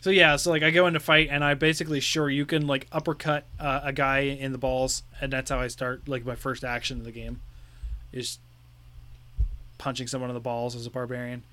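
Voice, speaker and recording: A man's voice: medium pitch, level tone, fairly quick, bright, forceful tone. A young man co-hosting a podcast, chatting loosely with many fillers and laughs. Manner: rambling, laughing, full of fillers. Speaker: podcast co-host. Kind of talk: casual chat.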